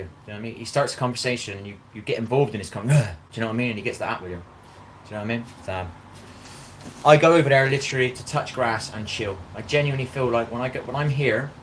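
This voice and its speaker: A man rambles quickly through a casual live-stream chat, his words tumbling out at a rushed clip. He keeps circling back to "do you know what I mean" as he talks. A faint hum of outdoor ambience sits behind him. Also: mid-range voice. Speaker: vlogger. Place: outdoors in a park.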